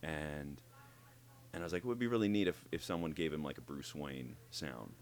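Male voice actor, very low voice, animated interview guest who acts out his examples. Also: brisk, a little hiss or hum. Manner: animated, explains by demonstrating voices. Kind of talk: interview conversation.

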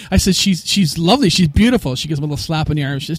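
A man guest talking about his life as a musician in a casual interview, telling stories with lively acted-out quotes. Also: on the high side, very fast, hardly any pauses, dry recording. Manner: animated, acts out quoted voices.

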